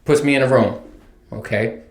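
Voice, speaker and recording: A man's voice: mid-range voice, normal speed. A man in a mid-range voice rants casually and swears freely as he tells an exasperated comic story. His voice rings in a roomy, echoey space. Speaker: podcast host. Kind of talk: casual comedic rant. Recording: roomy echo.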